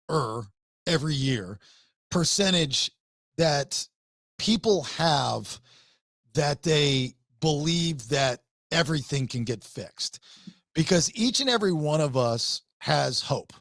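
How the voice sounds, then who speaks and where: Podcast guy thinking out loud, kinda high voice, dry close mic. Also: creaky, no room sound. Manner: musing, repeats words while thinking. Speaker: podcast co-host. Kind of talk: casual chat.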